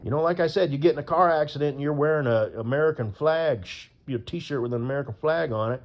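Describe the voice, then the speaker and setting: A man's voice: fairly high pitch, fast, hardly any pauses, lo-fi sound. Rambling, profane man ranting. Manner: rambling, profane, full of "you know". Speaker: vlogger. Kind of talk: ranting commentary.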